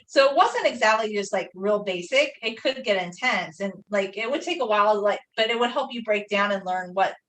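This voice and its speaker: A woman's voice: medium pitch, fairly quick, hardly any pauses, fairly bright tone. Rambling woman chatting on a video call. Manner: rambling storyteller, fillers like 'like'. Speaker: guest painter on a live stream. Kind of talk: casual chat while painting. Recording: voice a bit far from the mic.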